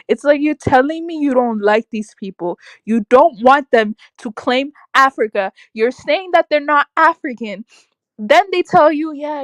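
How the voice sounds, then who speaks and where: A young woman hosting a casual livestream, reacting aloud to her chat with lively, exclamatory talk. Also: on the high side, no room sound. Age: young adult. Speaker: livestream host reading chat. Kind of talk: casual live-stream chat.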